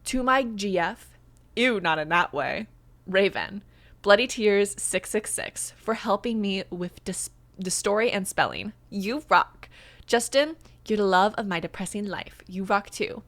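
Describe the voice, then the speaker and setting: A woman's voice: medium pitch, unhurried, a bit bright, no echo. A young woman reading a fan story aloud, with sarcastic, playful asides. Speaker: YouTuber. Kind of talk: reading a fanfic aloud with comedic commentary.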